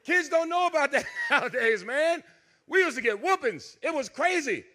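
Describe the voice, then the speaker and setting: A middle-aged man from the States, doing loud, animated stand-up comedy on a cruise ship stage into a handheld mic, laughing at his own jokes. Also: very high-pitched, normal speed. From Southern United States.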